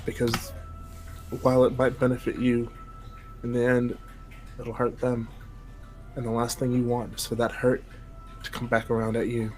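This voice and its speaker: A man playing a caring, brotherly companion, soft-spoken and earnest. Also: medium pitch, monotone, moderate pace, long pauses, soft background music, close to an everyday voice, rough recording. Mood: gentle.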